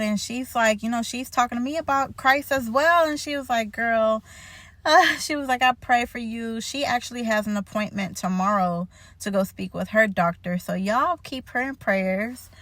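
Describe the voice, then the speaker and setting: A young woman telling a story in a casual faith vlog, chatty and animated, laughing and full of fillers. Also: mid-range voice, no echo. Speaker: faith vlogger.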